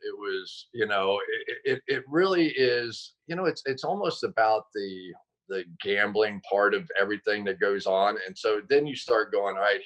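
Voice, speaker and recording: A man telling stories as a guest on a video call, animated and quick to correct himself mid-sentence. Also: lowish voice, low-quality recording. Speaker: guest, football analyst. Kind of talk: casual interview chat.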